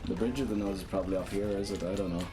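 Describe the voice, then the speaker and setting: Brief: male streamer, lowish voice, chatty and self-mocking, game music playing behind. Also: steady tone, racing. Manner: chatty, self-deprecating, thinking aloud to viewers. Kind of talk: casual live gameplay commentary.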